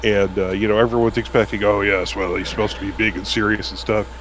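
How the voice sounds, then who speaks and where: A man chatting casually on a panel about running tabletop games, animated and laughing often. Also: on the low side, quick pace, a little hiss or hum, low-quality recording. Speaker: game master on a podcast panel. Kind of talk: casual chat.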